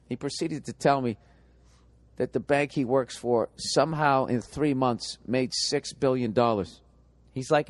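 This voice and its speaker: A man's voice: mid-range voice, expressive, a little slow, long pauses, no room sound. Profane ranting stand-up man, dry sound. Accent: Boston. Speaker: stand-up comedian. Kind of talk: stand-up comedy set.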